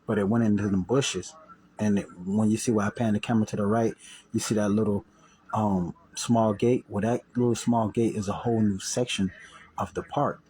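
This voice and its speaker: Lowish-voiced man telling a wild story. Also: steady tone, normal speed, husky, rough recording. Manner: slangy, profane, repeats and restarts, acts out quoted voices loudly. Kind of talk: casual storytelling to viewers.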